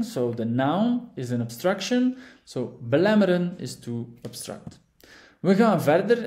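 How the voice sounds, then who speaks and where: A man's voice: fairly high pitch, warm tone, reverberant. A man teaching a vocabulary lesson, stressing each word and checking in with "all right?". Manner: emphatic, drills words with frequent "all right?" checks. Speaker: language teacher.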